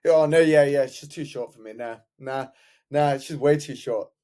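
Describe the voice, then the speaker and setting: A man's voice: mid-range voice, moderate pace, a little mellow, voice pushed up, natural voice. A man voicing a picky young man who dismisses things in a whiny, offhand way. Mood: dismissive. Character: picky young man fussing about height.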